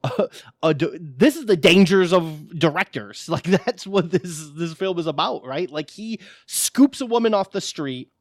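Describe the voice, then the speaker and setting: A man's voice: on the high side, animated, a little slow, dry recording, studio quality. A man co-hosting a casual film podcast, blunt and opinionated, cursing as he makes his point. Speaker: podcast co-host.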